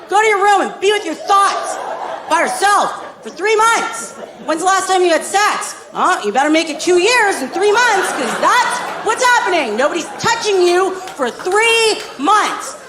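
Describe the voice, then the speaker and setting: A woman putting on a strict, exasperated stepdad who shouts and scolds everyone. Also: very high voice, reverberant, background noise, voice pushed up. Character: exasperated strict stepdad, fed up, barking orders. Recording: live audience laughter.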